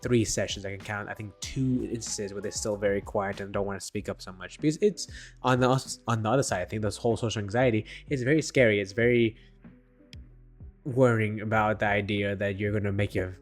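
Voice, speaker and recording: A man's voice: on the low side, steady tone, brisk, soft background music. A young man talking casually to camera as a dungeon master, rambling and self-deprecating with nervous laughs, into a desk microphone.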